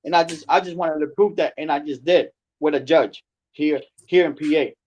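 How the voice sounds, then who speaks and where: A man's voice: fairly high pitch, fairly even intonation, normal speed, a little mellow, lo-fi sound. A man on a video call telling his side of a dispute in casual chat. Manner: retells a dispute with "I'm like" quotes. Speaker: panel guest.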